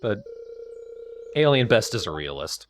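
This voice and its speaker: A man's voice: fairly low pitch, very animated, measured pace, background noise. A man casually commentating a game he is playing, explaining its mechanics and laughing easily. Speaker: let's play host.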